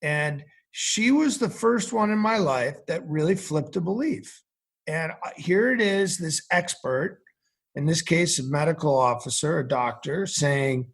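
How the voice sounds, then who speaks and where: A man's voice: on the high side, unhurried, vocal fry, husky. A middle-aged man from central Massachusetts, a podcast guest telling vivid stories. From central Massachusetts, USA. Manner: vivid storyteller, animated. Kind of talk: storytelling in an interview.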